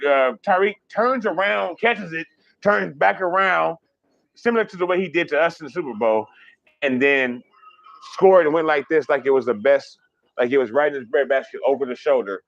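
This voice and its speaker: Man, livestream host, animated, rambling, swears a lot, slightly dull lo-fi sound. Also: on the high side, creaky, dry recording. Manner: animated, rambling, swears freely, fast talker. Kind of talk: casual livestream chat reading viewer comments.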